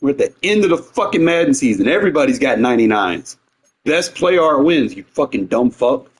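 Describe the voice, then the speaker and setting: A man's voice: medium pitch, big pitch swings, brisk, breathy edge. A man streaming a football video game, trash-talking his opponent with heavy profanity and taunts. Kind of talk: live game-stream reaction.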